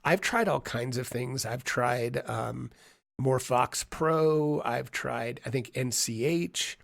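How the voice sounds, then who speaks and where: A man demoing audio software on a live stream, thinking aloud, from a home streaming setup on a condenser mic. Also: mid-range voice, slow, creaky, no room sound, studio quality. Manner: thinking aloud, many fillers and restarts. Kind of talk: casual live-stream tutorial. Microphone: USB condenser mic.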